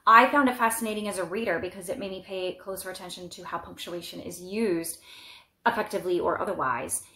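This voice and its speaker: A woman's voice: fairly low pitch, a little fast, bright, forceful tone. Young woman gushing about books, lots of restarts, roomy echo. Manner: enthusiastic, rambling, many restarts and fillers. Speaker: book vlogger. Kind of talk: casual book review. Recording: echoey room.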